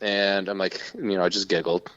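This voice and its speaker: A man with a low voice tells a story in an animated, casual way and swears freely. The recording is dry, with no room sound, and its sound is dull and lo-fi. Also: moderate pace, no room sound. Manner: profane, animated retelling. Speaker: podcast co-host.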